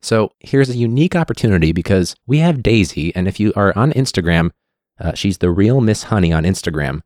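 A man with a Chicago accent hosting a casual interview podcast, relaxed and rambling, laughing at himself now and then. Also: on the low side, fairly quick, no room sound, studio quality. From United States. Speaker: podcast host.

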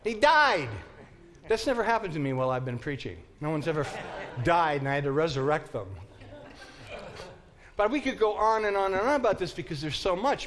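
A man teaching a Bible class in a lively, joking way, acting out the story for his listeners. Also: high voice. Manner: animated, joking, acts out the story.

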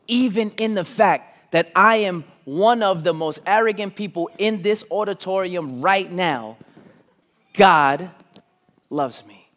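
A man preaching a sermon in an auditorium, dropping to near-whispers on key lines and building to loud, emphatic runs. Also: sits high, takes it slowly. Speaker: pastor.

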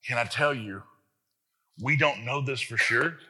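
A man preaching a sermon as pastor, animated and emphatic, often speaking straight to the congregation with rhetorical questions. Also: medium pitch, measured pace, breathy edge.

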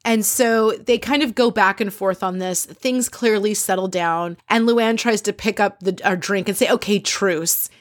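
Lady podcast host, gossipy recap, chatty, keeps acting out what people said, mid pitch. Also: normal speed, hardly any pauses, no echo, clean studio sound. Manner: chatty, gossipy, quotes people in animated asides. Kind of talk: recapping a reality TV episode.

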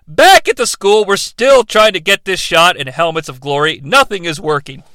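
A man's voice: fairly high pitch, expressive, normal speed, hardly any pauses, pushed and bright, clear, resonant tone, no echo. A man co-hosting a podcast, giving a rambling, sarcastic recap of a TV episode and acting out the characters' lines. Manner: sarcastic, rambling, acts out dialogue. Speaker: podcast co-host.

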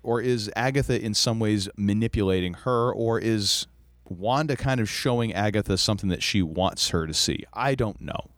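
A man co-hosting a casual podcast chat about a TV episode. He speaks in an animated way, often jumping up high in pitch. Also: normal speed, dry recording, studio quality. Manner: animated, jumps up high for quoted lines. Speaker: podcast co-host.

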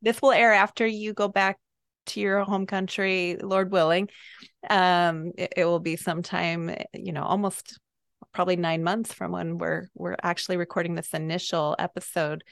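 A woman's voice: fairly low pitch, flat delivery, moderate pace, creaky, a bit bright, dry recording. A middle-aged woman hosting a casual podcast chat, effusive and chatty with frequent ums. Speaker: podcast host.

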